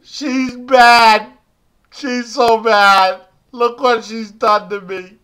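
A man's voice: very high voice, steady tone, very slow, sharp tone, smooth, heavily acted. A man playing a battered, self-pitying can scavenger in a comic monologue to camera, pleading in a whiny, melodramatic way. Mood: lamenting.

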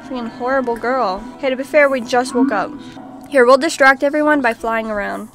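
A woman's voice: high voice, fairly quick, over music. A woman hosting a casual let's-play, chatting and reacting aloud to her game. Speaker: gaming channel host.

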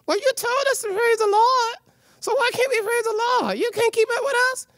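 A woman voicing a sassy, quick-tempered church puppet with snappy comebacks. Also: very high voice, expressive, a bit bright, voice pushed up. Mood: teasing.

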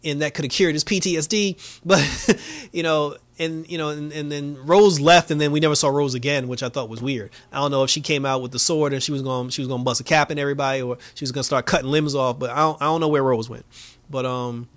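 A man's voice: fairly high pitch, fairly even intonation, fast talker, fairly bright tone, dry recording. A man casually recapping a TV episode, talking loosely with many fillers and breaking into laughter now and then. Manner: loose, lots of fillers, laughs often, acts out quotes. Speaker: show reviewer.

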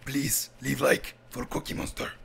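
A man's voice: mid-range voice, monotone, unhurried, vocal fry, fairly bright tone, husky, heavily acted. A man voicing a greedy, cookie-loving monster who growls in broken, childish English. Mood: pleading, boastful.

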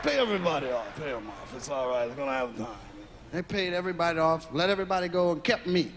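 A man's voice: high voice, flat delivery, racing, long reverb tail, over a noisy crowd, very noisy, close to an everyday voice. A man doing a boisterous Italian-American mobster boss in a stand-up bit.

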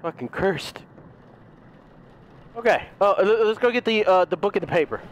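Brief: high-pitched male streamer, brash, profane, quick to react, casual game commentary. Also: expressive, slight background noise. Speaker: gaming streamer.

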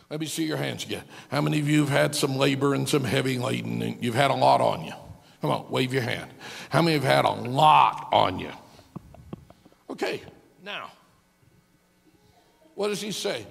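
A male pastor preaching a sermon to his congregation, swinging from hushed talk to shouting and acting out the voices he quotes. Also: mid-range voice, normal speed, creaky, husky, big-room sound. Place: large church sanctuary.

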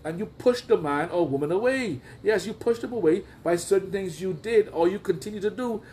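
Man, high-pitched voice, sermon, emphatic preacher, repeats phrases, rhetorical questions. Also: a little fast, a little mellow, slight background noise. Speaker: prophet preaching.

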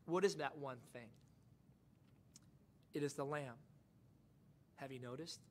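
A male pastor preaching a sermon, moving from quiet, intimate asides to rising, emphatic declarations. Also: mid-range voice, takes it slowly, slight background noise.

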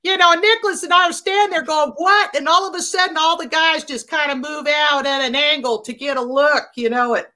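A woman co-hosting a veterans show, telling stories in an animated, enthusiastic casual way. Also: sits high, brisk, hardly any pauses. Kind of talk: casual chat, storytelling.

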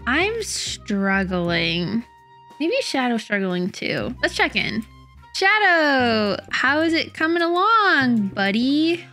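Young woman, Minecraft commentator: high-ish, bright, unhurried, self-doubting, chatty. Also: big pitch swings, faint music behind. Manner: chatty, self-doubting, laughing at her own build. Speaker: Minecraft build-battle player. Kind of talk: casual gameplay commentary.

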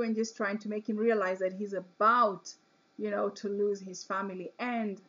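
A woman hosts the interview and answers her guest with long, affirming runs of reassurance. Her voice sits in a middle pitch. The sound is dull and lo-fi. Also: steady tone, moderate pace, a bit bright. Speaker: host. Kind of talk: interview chat.

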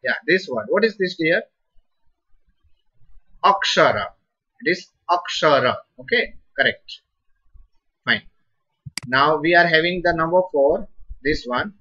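An encouraging Indian English teacher guides students through pronunciation, calling on them by name and praising each answer. His voice is bright and forceful, and he speaks slowly. The recording sounds dull and lo-fi. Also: fairly high pitch, expressive, husky. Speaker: Sanskrit teacher. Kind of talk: live online class teaching.

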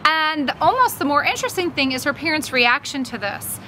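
A woman reading a middle-grade novel aloud with expressive storytelling and brief commentary. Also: high voice, a little fast, a little hiss or hum, poor audio. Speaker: audiobook reader.

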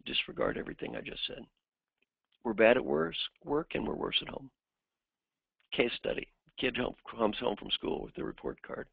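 A man's voice: medium pitch, huge pitch swings, normal speed, creaky, slightly rough, no echo. A man who works as an executive coach gives a lecture full of anecdotes and acts out the people in his stories. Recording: dry, phone-like narrowband sound.

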